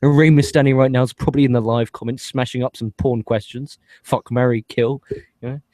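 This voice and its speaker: A man's voice: mid-range voice, a little fast, dry recording. Guy cohosting a wrestling podcast, swears a lot and rambles, dry close sound. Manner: profane, rambling, excitable banter. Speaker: podcast co-host. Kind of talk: casual wrestling review chat.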